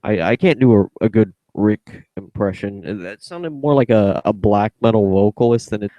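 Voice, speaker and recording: Editing his own show, a young podcaster talks casually under his breath, humming, drifting off and putting himself down. He has a lowish voice at a moderate pace, captured in a dry, muffled recording.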